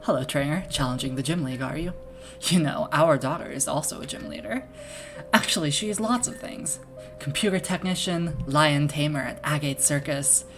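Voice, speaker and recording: A woman's voice: low-pitched, moderate pace, over music. A woman putting on a gossipy folksy game parent. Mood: gossipy, fretful. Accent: put-on Minnesota accent drifting to Irish. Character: chatty small-town parent in a video game. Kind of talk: reading game dialogue aloud.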